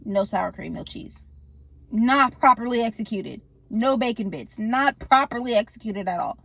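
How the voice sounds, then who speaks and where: Woman movie reviewer, slangy and jokey, fairly high voice, dry close sound. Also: lively intonation, normal speed, gravelly, a bit bright, dry recording. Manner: slangy, jokey, acts out the characters. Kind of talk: casual movie recap.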